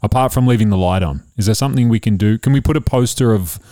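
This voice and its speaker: Playful dad, mellow voice. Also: male voice, fairly low pitch, fast, no room sound, clean studio sound. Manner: playful, teasing, jokey. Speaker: father hosting a family podcast. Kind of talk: casual family podcast chat.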